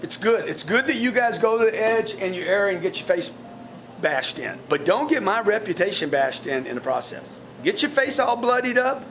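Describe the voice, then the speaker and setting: A man's voice: high-pitched, sing-song, normal speed, fairly bright tone, a little hiss or hum. A man coaching his sales staff in a live group session, blunt and profane, often repeating words as he restarts a thought. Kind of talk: blunt motivational coaching talk to a team.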